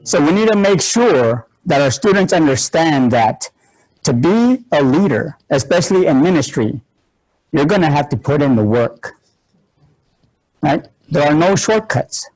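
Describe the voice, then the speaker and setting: A man's voice: on the high side, very animated, unhurried, a little mellow, low-quality recording. A male ministry instructor who teaches through stories, joking and laughing at himself before an audience. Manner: humorous, laughs often, self-mocking. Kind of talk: teaching session with personal stories.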